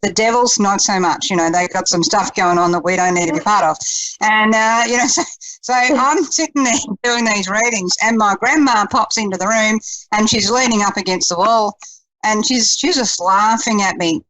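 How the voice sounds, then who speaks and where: A woman's voice: medium pitch, normal speed, a bit bright, low-quality recording. A woman, a psychic medium chatting on a radio talk show, with lots of fillers and laughter.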